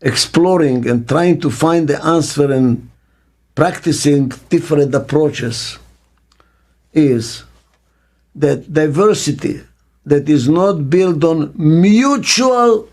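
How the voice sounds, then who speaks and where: A slightly high, darkish voice belongs to an older man, a business consultant, reflecting in an interview. He's emphatic and deliberate, repeating key phrases and throwing out rhetorical questions.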